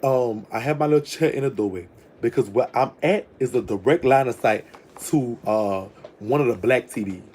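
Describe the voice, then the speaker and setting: A man tells a personal story to camera in a loose, campy manner, swearing freely. His voice is mellow and warm, and a faint noise sits under it. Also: medium pitch, normal speed, poor audio. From Louisiana. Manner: chatty, profane, campy, calls listeners "girl". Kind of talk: casual storytime chat.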